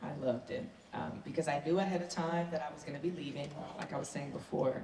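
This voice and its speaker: Speaking fast in a deep voice with a crowd audible behind her, a woman from the American South answers fan questions at a convention panel. She's an actor, earnest and enthusiastic, and the big hall gives the recording an echo along with faint noise.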